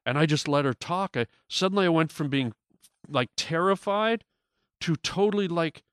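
Man telling a wild story, smooth voice. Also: on the high side, normal speed, no echo, studio quality. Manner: animated, restarts and acted-out quotes. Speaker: guest comedian. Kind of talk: casual storytelling.

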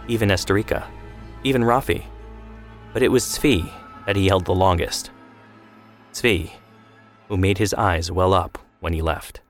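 A man narrating a family history story and then explaining its background in a measured way. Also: low voice. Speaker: storyteller and host. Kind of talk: scripted narration.

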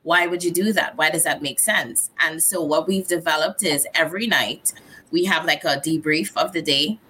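A Trinidadian woman in her thirties, a guest in a casual conversation, tells stories candidly, reflectively and animatedly. Her voice sits low at normal speed, and the poor recording has slight background noise.

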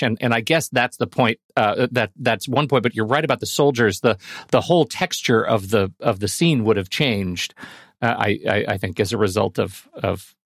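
Podcast co-host, male, halting and thoughtful, dry mic. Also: lowish voice, fairly bright tone, dry recording. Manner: halting, many restarts. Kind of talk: casual film discussion.

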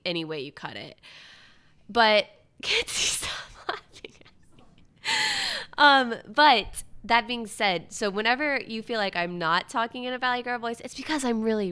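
A woman's voice: mid-range voice, pushed and bright, clean tone. A young woman hosting her own podcast in casual solo chat, with uptalk and a valley girl way of speaking. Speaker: podcast host.

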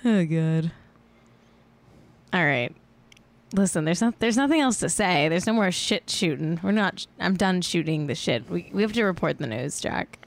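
A woman's voice: lowish voice, expressive, normal speed. A woman in her thirties from California hosting a casual celebrity-news chat on a live stream, rambling and laughing at herself. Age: 30s. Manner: rambling, self-mocking and giggly. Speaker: podcast host.

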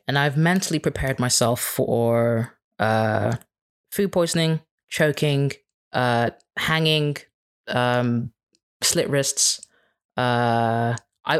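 Candid rambling woman, interview guest. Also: rumbling low. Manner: rambling, candid, many restarts. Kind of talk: casual interview chat.

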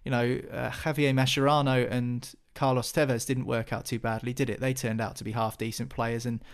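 A man's voice: mid-range voice, level tone, a little fast. Male football pundit, casual chatter full of fillers, mid-range voice. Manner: chatty, many restarts and fillers.

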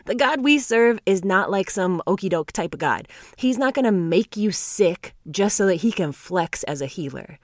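A woman teaching on scripture in a devotional talk to her viewers, earnest and emphatic, slowing down to stress key words and laughing lightly between points. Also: mid-range voice, expressive, no echo, clean studio sound. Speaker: Bible teacher.

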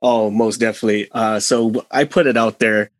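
A man's voice: fairly low pitch, normal speed, dry recording. A man co-hosting a casual podcast chat and retelling a listener's story. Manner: relaxed storytelling, reads listener stories. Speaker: podcast co-host.

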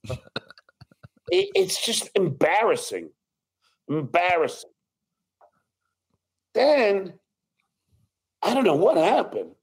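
A man's voice: sits high, very animated, slow, pauses often, breathy edge. A man co-hosting a comedy talk show, rambling and incredulous as he tells a story. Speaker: podcast co-host. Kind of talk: casual comedy chat.

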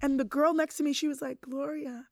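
A middle-aged woman telling a personal story in casual conversation, animated and acting out the voices of others. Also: high voice, quick pace, gravelly, dry recording, studio quality.

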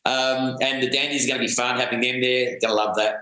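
A man, a guest musician talking in a relaxed way with many fillers. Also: mid-range voice, a little fast, heavy reverb, rough recording. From Australia. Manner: relaxed, many "you know"s. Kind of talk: remote interview chat.

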